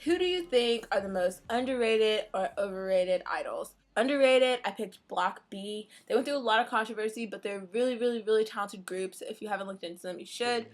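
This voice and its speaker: A woman's voice: mid-range voice, animated, fairly quick, hardly any pauses. A young woman co-hosting a casual fan Q&A, chatty and opinionated in a laid-back way. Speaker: K-pop reaction channel co-host. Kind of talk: casual Q&A chat.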